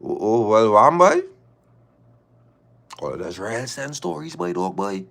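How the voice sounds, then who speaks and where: A man hosting a livestream, reading viewer confessions aloud and reacting with drawn-out exclamations and slang. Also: on the low side, big pitch swings, vocal fry, a bit bright. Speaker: livestream host.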